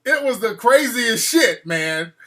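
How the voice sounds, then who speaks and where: A man hosting a call-in show, telling a story in an animated, profane way and acting out the quotes. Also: very high-pitched, slow pace. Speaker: radio show host.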